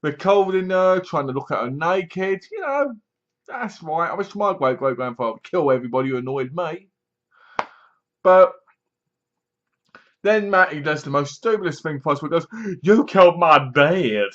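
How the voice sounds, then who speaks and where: Casual male film reviewer, slightly high voice, sarcastic and mocking, lo-fi home recording. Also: lively intonation, normal speed, long pauses, fairly bright tone. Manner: sarcastic, mocking, acts out scenes. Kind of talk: casual spoken movie review. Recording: dull lo-fi sound.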